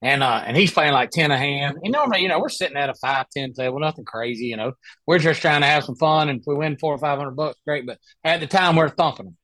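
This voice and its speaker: A man with a slightly high voice speaks at a quick pace on a dry recording. A professional golfer on a podcast, he tells casual anecdotes animatedly, voicing the other people in them.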